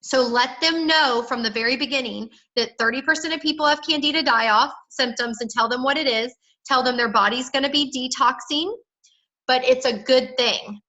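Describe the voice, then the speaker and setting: A woman's voice: high voice, moderate pace, pushed and bright, dull audio. A woman coaching her sales team on a call, chatty and emphatic, often acting out what she would say to people. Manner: chatty, emphatic, acts out dialogue. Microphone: phone or call audio.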